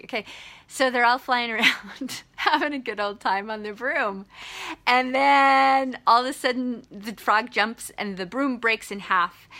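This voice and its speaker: A woman hosting a short video, retelling a children's story in an animated, chatty way. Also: medium pitch. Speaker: host.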